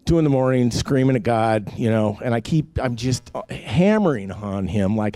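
A man's voice: medium pitch, expressive, normal speed, few pauses, dark tone, no room sound, studio quality. A man giving a rambling, candid personal testimony, full of fillers and restarts. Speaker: testimony speaker.

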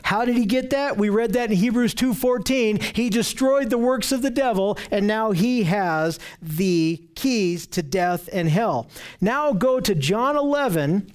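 A man preaching an earnest sermon, reading scripture aloud and often repeating words as he searches for phrasing. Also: high voice.

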